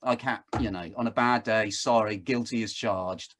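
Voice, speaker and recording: A man in his fifties talking casually on a video call, telling lively stories and acting out the voices he quotes. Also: on the low side, moderate pace, a little hiss or hum. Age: 50s. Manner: animated storytelling, acts out quoted voices. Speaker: guest speaker.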